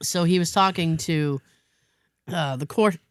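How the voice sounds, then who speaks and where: A woman's voice: fairly low pitch, unhurried, clean tone. A woman from Massachusetts hosting a podcast, telling a story casually, laughing often and acting out other people's lines. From Massachusetts, USA. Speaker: podcast host.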